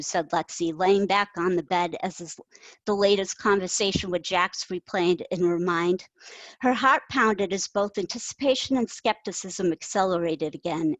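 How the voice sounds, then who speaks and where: A woman author and writing teacher reading her own fiction aloud in plain, even narration, indoors. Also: lowish voice, dry recording, poor audio.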